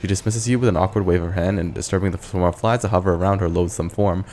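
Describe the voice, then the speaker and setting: A man's voice: low-pitched, steady tone, fast talker, darkish tone, a little hiss or hum. A man hosting a let's play, reading game text aloud and adding casual, joking asides. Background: game music.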